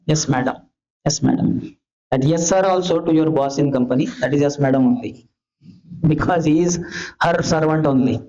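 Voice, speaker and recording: A man giving a scripture lecture, animated, asking rhetorical questions and acting out calls and pleas. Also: fairly high pitch. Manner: animated, rhetorical questions, acts out shouting and pleading. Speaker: preacher giving a scripture class. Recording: dull lo-fi lecture recording.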